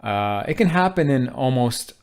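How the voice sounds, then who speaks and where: A man explains a technical topic in a relaxed, off-the-cuff way. He rambles, cracks jokes and adds little sound effects as he sketches his points. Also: medium pitch, normal speed, smooth. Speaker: IT tech explainer. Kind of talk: casual whiteboard tutorial.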